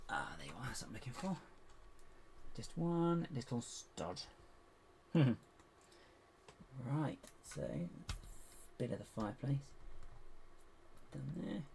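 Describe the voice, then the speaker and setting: A man's voice: medium pitch, creaky. Chatty man muttering over Lego parts. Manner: chatty, muttering to himself while hunting for parts, self-mocking. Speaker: LEGO builder and streamer. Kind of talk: casual live-stream chat while building. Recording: steady background hiss with clicks.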